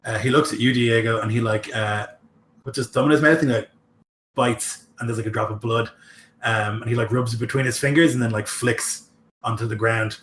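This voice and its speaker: A man's voice: mid-range voice, fairly even intonation, moderate pace, a bit bright, echoey room, a little hiss or hum. A man running a tabletop game as game master, narrating loosely with many fillers.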